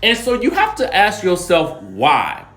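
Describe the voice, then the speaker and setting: Male gossip host, slightly high-pitched, animated and emphatic, light music bed. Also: a little slow. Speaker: celebrity gossip YouTuber. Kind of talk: reality TV recap commentary.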